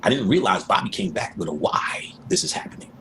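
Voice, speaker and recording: A low-voiced man talks fast and freely, his pitch leaping around as he acts out the people in his stories. The talk is loose and casual, and there is a faint hiss of background noise. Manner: animated, acts out voices in quotes. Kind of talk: casual storytelling and spiritual talk.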